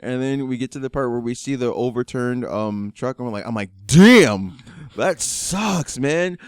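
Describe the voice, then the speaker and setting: A young man co-hosting a podcast, telling a road trip story with lively acted-out quotes. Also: medium pitch, a little fast, clear, resonant tone, dry recording, studio quality. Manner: animated storyteller, acts out quotes. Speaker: podcast co-host. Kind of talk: casual chat.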